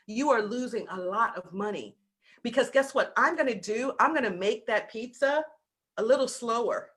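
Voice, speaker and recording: A woman with a Southern US accent giving an animated business talk over a video call, acting out little scenes in other voices. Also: fairly high pitch, moderate pace. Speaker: business coach.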